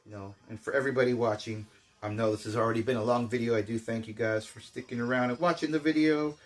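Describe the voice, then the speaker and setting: A man's voice: medium pitch, fairly even intonation, quick pace. An older man chatting casually through a toy unboxing, rambling with jokey asides. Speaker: toy collector.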